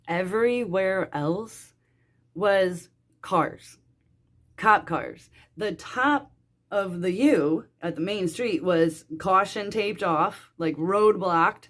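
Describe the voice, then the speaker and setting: A young woman telling a personal story in a rambling, casual way, full of fillers and swearing. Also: mid-range voice. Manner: swearing, rambling, lots of "like" and "dude". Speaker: vlogger.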